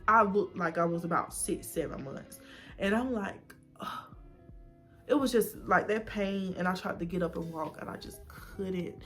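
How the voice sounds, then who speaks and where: A young woman vlogger telling her own story in a casual, animated way, acting out what people said. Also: mid-range voice. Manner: casual and animated, acts out voices in quotes. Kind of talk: emotional personal storytelling.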